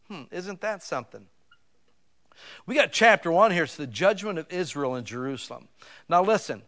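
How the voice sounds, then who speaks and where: A male pastor preaching a sermon in a folksy, conversational way, building to loud emphasis on scripture. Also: a little high.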